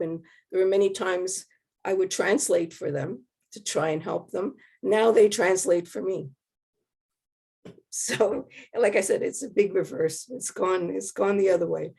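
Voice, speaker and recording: An older woman from Quebec, slightly hoarse and losing her voice, answering interview questions on a video call in a thoughtful, rambling way with restarts. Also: lowish voice, darkish tone. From Quebec, Canada.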